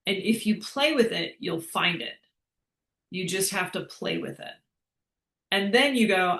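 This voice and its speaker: A woman fitness coach talks her class through a question in a chatty, upbeat way, laughing now and then as she explains. Her voice is bright and forward. The sound carries a roomy echo. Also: medium pitch, normal speed. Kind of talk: live online fitness class with Q&A.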